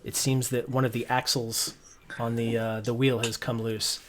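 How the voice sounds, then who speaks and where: Guy game-mastering, laid back, kinda rambly, mid pitch. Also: moderate pace, a little hiss or hum. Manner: relaxed, rambling, many restarts. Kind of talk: narrating a tabletop game.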